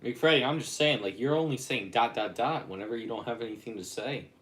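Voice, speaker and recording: A man's voice: medium pitch, brisk, a bit bright. A man rambling casually on a livestream, chatting and reacting to viewer comments. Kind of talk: casual live-stream chat.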